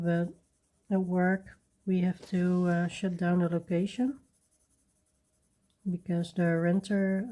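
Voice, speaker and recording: Slow, soft-spoken woman chatting while coloring. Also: fairly low pitch. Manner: soft-spoken, rambling, with little laughs. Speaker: coloring channel host. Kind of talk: casual chat while coloring.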